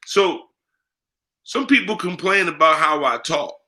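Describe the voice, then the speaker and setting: A man's voice: on the high side, lively intonation, unhurried, bright, forceful tone. A man speaking in an interview, talking bluntly with heavy profanity and street slang. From United States. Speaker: guest, spiritual priest. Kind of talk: candid interview talk.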